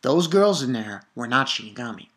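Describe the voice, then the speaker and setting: Excitable woman reviewing manga. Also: a bass voice, normal speed. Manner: excitable, laughs often, acts out quotes.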